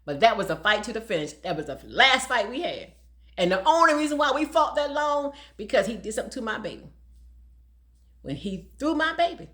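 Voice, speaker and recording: An older woman in her sixties talks straight to the camera with a fairly high voice that swoops up and down. She speaks as a domestic violence advocate, emphatic and a bit preachy, breaking into laughter often between her points. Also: very animated, fairly quick, fairly bright tone. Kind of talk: casual talk to camera.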